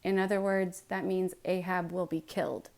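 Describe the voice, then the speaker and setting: A woman's voice: fairly low pitch, flat delivery, normal speed, a little mellow. Chatty woman teaching a Bible study. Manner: chatty, jokey retelling.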